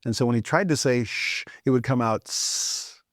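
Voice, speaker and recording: A man's voice: medium pitch, normal speed, a bit bright, no echo. Man teaching scripture in a dry close voice. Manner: conversational, thinks aloud with restarts. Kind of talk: casual scripture lesson.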